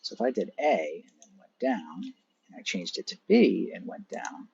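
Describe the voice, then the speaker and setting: A man's voice: deep voice, huge pitch swings, moderate pace, gravelly, muffled recording, crowd noise. A male teacher walking students through an assignment on screen, explaining each step conversationally and addressing them directly. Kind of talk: screen-recorded assignment walkthrough.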